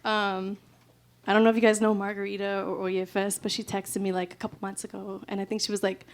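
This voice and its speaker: A woman's voice: medium pitch, little pitch movement, fairly quick. A woman singer chatting casually with her audience between songs at a small live music venue, giggly and loose, full of "like" and "y'all". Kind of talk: casual stage banter with an audience.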